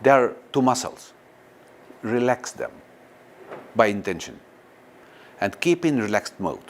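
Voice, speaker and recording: A man teaching a guided meditation in non-native, halting English, often pausing to question a live audience. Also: mid-range voice, a little hiss or hum. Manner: slow and lively, questions the audience. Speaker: spiritual teacher.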